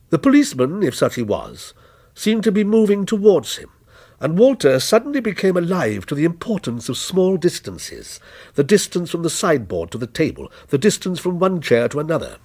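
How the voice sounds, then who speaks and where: A man reading a short story aloud with measured drama. His voice is gravelly and a little husky, pitched somewhat high and ranging widely as he tells it. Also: huge pitch swings, darkish tone.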